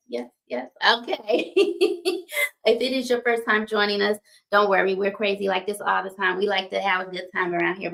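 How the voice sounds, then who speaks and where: A woman's voice: medium pitch, creaky, a bit bright. A woman hosting a livestream talk show, upbeat and chatty, often laughing and repeating herself. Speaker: host.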